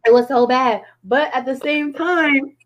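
A woman from Connecticut, a guest in a casual chat, telling stories in an animated way and acting out what people said. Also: high voice, a little slow, highs cut off, crowd noise. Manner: animated storyteller who acts out quotes.

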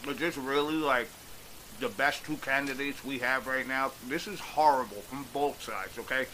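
A man's voice: medium pitch, moderate pace, pushed and bright, low-quality recording. A man giving a blunt, exasperated opinion rant, swearing freely as he recaps and criticizes. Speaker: commentator. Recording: faint hiss.

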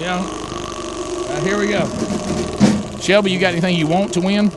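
A man hosting a radio call-in show, calling a prize wheel and chanting and shouting as it spins. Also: high-pitched, fairly even intonation, moderate pace, heavy background noise.

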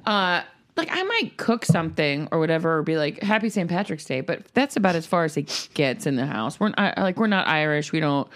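Woman guest, lively pitch, chatty animated storyteller. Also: brisk. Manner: animated storytelling, acts out her kids. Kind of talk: casual podcast chat.

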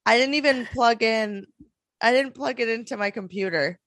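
Upbeat woman co-host, giggly and loose, somewhat high voice, dry close mic. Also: moderate pace, a bit bright, dry recording. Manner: hyper, laughing, swearing. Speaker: podcast co-host. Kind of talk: casual chat.

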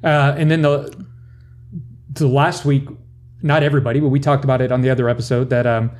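A man's voice: medium pitch, fairly even intonation, brisk, a little mellow, a little hiss or hum. A man hosting a podcast in a casual round-table chat, rambling and often restarting his sentences. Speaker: podcast host.

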